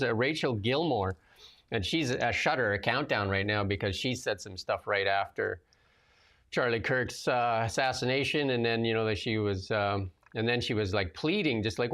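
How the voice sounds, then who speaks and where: Blunt gravelly-voiced man. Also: lowish voice, fairly bright tone. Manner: opinionated, blunt, rapid asides. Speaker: co-host. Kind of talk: political talk show commentary.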